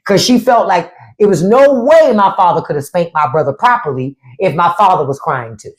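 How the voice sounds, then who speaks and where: A woman's voice: fairly low pitch, moderate pace. A middle-aged woman hosting a live stream, telling stories in a casual, profane way and acting out quotes. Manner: profane, animated storytelling with acted quotes. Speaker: podcast host.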